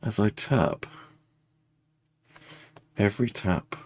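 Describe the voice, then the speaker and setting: A man leading a guided tapping meditation, speaking slow, repetitive first-person affirmations. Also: sits low, gravelly, darkish tone, husky.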